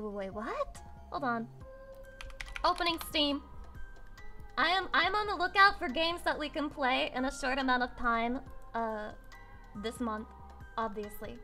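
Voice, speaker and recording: A woman livestreamer chatting casually with her viewers, excitable and swearing freely. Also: fairly high pitch. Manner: excitable and swearing, with squeals and laughs.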